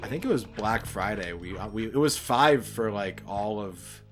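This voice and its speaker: A man's voice: lowish voice, animated, normal speed. A young man chatting casually while he streams a game, rambling and sarcastic. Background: game music.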